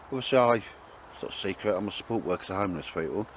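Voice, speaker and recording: A man with a fairly low voice chats to the camera while cooking outdoors in the woods. He rambles cheerfully and tosses in tag questions and asides to a friend. A faint outdoor ambience sits behind him. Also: animated, rapid-fire, slight background noise. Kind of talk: casual chat to camera. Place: outdoors in woodland.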